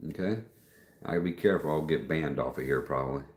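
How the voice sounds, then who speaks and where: A man's voice: a bass voice, fast, a little mellow. A middle-aged man hosting a casual livestream from home, rambling in a folksy way as he reads viewer comments aloud. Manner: rambling, folksy, trails off and restarts. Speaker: livestream host. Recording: echoey room.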